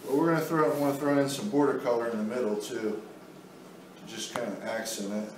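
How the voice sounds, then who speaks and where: A man teaches a painting demonstration in stages, his mid-range voice steady and a bit fast, talking casually while he works as an art instructor. The sound carries a lot of echo, the mic is distant, and there's faint noise.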